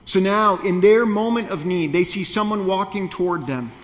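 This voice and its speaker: A man's voice: high-pitched, moderate pace, big-room sound. A male pastor delivering a sermon in a conversational, playful way, with wry asides.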